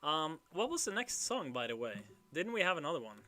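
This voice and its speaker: A man's voice: fairly high pitch, sing-song, fairly quick, bright, forceful tone, no echo. A young man, chatting casually on a livestream, hesitant and rambling with many fillers. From Norway. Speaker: livestream host.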